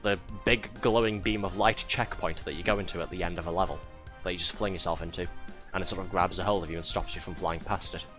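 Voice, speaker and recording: A man's voice: deep voice, fairly even intonation, fast, faint music behind. A man giving live gameplay commentary as a streamer, wry and sarcastic, laughing often at his own game.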